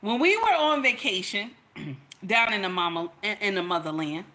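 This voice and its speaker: Woman host, bright voice, chatty, preachy, casual livestream commentary. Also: medium pitch, expressive, moderate pace. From Nigeria. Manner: chatty, preachy, talks straight to viewers.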